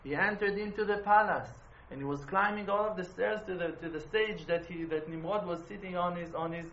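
A man with a high voice preaches with fervour, dropping to a near-whisper and then rising to loud rhetorical questions. His phrasing is that of a non-native speaker. The room is echoey and the sound is dull and muffled, with a faint hiss behind. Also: brisk. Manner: impassioned storytelling, swinging between hushed and loud. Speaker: rabbi teaching a Torah class. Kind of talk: sermon.

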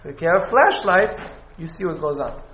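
A man teaching an informal class on Jewish law, halting and restarting as he explains. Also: fairly high pitch, sing-song, a bit bright, a little hiss or hum. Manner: halting, restarts, Hebrew and Yiddish terms. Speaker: Torah teacher. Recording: echoey, dull room recording.

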